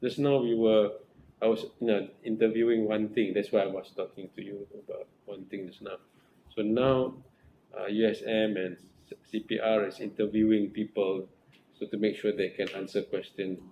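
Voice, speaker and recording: Male research supervisor, monotone delivery, low pitch, halting speech, checks for understanding, dull lo-fi sound. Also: slight background noise. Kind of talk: group supervision session.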